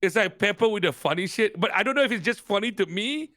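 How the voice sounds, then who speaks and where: A man in casual podcast chat, his pitch leaping up and down as he tells stories. He swears freely and laughs a lot. The sound is dry and close. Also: animated, quick pace, sharp tone, no room sound. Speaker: podcast guest.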